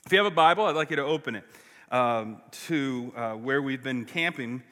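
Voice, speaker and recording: A man preaching a sermon, telling a story in an animated way with frequent restarts. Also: medium pitch, moderate pace. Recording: long hall reverb.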